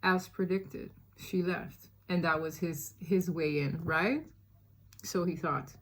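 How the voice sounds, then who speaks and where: Brief: woman, lowish voice, chatty storytime vlogger, lots of "like" and "y'all". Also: takes it slowly. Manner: animated, chatty, many fillers, addresses listeners as y'all. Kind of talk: casual storytime chat.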